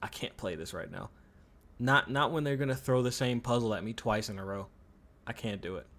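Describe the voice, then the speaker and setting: His voice is mid-range, fairly quick and fairly bright. While streaming a video game, he rants in exasperated live commentary, swearing heavily, repeating himself, with trailing restarts.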